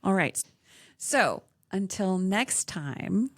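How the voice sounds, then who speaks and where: A woman hosting a faith podcast. She speaks earnestly and gets excitable, laughing easily. Her pitch sits mid-range for a woman. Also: very slow. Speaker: podcast co-host. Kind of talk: faith-based podcast chat.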